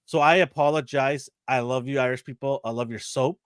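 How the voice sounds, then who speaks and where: A man hosting a casual podcast, energetic and jokey, often laughing and whooping. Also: medium pitch, brisk, no echo, clean studio sound. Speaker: podcast host.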